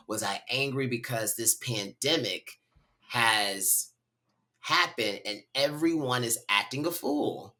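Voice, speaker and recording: Man from north carolina, podcast guest, low pitch, forceful bright tone, candid animated storytelling. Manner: animated, candid, talks to listeners as y'all. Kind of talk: personal storytelling in a conversation.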